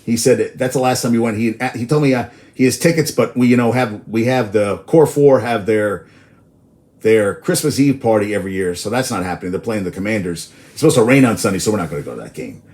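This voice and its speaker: A man's voice: fairly low pitch, animated, brisk, a little mellow. A man hosting a casual sports talk show, rambling through stats and personal tangents, cursing freely, apparently outdoors in New York.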